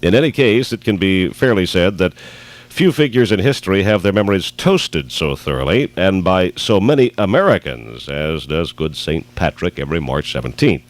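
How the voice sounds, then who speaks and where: A man's voice: sits low, very animated, moderate pace. A man co-hosting a midday radio show, trading banter and reading wry, mock-formal commentary in a dry, droll way. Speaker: radio co-host.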